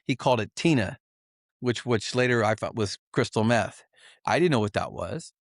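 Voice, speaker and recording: A man's voice: mid-range voice, lively intonation, moderate pace, creaky, no room sound. Earnest man telling his story, dry sound. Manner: emotional, earnest, many restarts and repeats. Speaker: podcast guest. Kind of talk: personal testimony.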